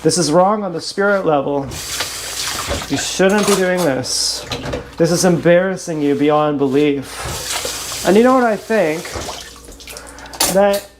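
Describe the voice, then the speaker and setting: A woman's voice: lowish voice, takes it slowly, pauses often, background noise. A woman talking in a rambling, improvised livestream monologue, blunt, sarcastic and mocking herself. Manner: wandering, half-improvised talk. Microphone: action camera.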